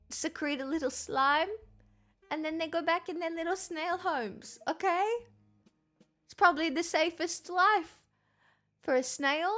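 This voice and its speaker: A woman's voice: high-pitched, a bit bright. A tired Australian woman livestreaming, chatting with viewers, laughing often and swearing freely. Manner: giggly, sweary, rambling. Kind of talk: casual chat reading viewer comments.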